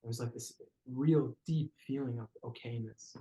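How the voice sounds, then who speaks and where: A man's voice: mid-range voice, normal speed, dark tone. A man, a podcast guest, telling a personal story in a reflective, conversational way, searching for words with frequent restarts. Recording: roomy podcast recording.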